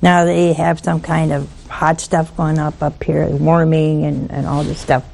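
A woman's voice: low voice, little pitch movement, a little slow, vocal fry, a little mellow, slight background noise. A woman speaking on a religious broadcast, telling a story in an earnest, emphatic way and repeating lines for effect. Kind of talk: preachy storytelling talk.

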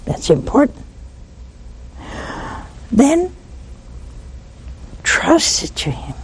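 An older nun hosts a call-in show, giving spoken religious teaching in a husky, slightly high voice at an extremely slow pace. She's lively and acts out little dialogues as she goes.

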